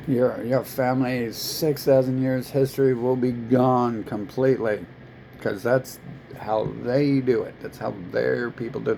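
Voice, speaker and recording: A man rants in a casual, profane, rambling way to camera. His voice is gravelly with plenty of creak. A faint air-conditioner hum runs behind him. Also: medium pitch, dark tone, poor audio.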